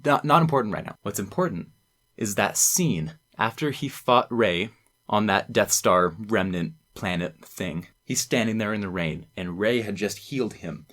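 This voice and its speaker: A man's voice: on the low side, lively intonation, normal speed, fairly bright tone. A young man, a student presenter, talking casually and enthusiastically to camera, rambling and acting out quoted lines. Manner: enthusiastic, rambling, quoting lines in acted voices.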